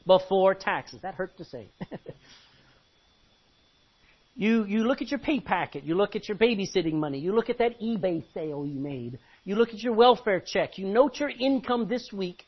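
A man preaching a sermon as pastor, animated and joking with the congregation. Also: high-pitched, slightly rough. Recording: dull lo-fi recording.

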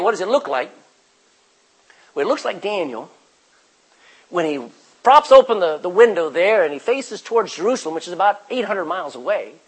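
Male pastor, husky and slightly high, emphatic sermon delivery that drops from loud to near-hushed. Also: low-quality recording.

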